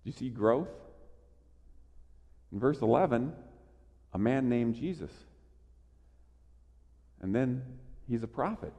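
A man preaching a sermon in an emphatic, animated way, often restarting his phrases. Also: medium pitch, slow, pauses often, long reverb tail. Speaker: pastor.

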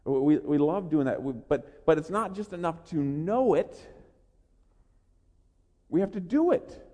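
A man preaching a sermon as a pastor, energetic and earnest, often repeating words as he builds. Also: fairly high pitch, measured pace. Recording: long reverb of a large hall.

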